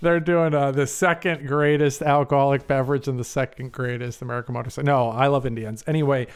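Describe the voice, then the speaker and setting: A man's voice: mid-range voice, fairly even intonation, quick pace, clear, resonant tone. A man hosting a podcast in casual, rambling chat, swearing freely and restarting his sentences. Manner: rambling, profane, restarts a lot with "like". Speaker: podcast host.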